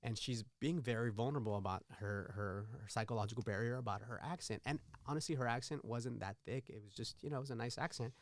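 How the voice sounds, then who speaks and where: A man's voice: medium pitch, fast talker, hardly any pauses, no room sound. A man telling stories in a casual podcast conversation, rambling with many uhs.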